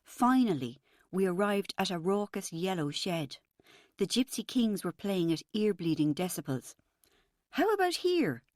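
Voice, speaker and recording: Brief: female audiobook narrator, low-ish voice, wry, dry close recording. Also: normal speed, no echo. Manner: wry, expressive storytelling. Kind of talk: first-person audiobook narration.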